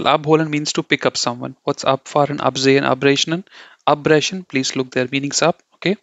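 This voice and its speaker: Here's a somewhat high, creaky male voice, recorded with no echo in a dry, dull lo-fi way. He's giving a loose, rambling German lesson from slides, repeating points and asking "okay?" or adding "you know."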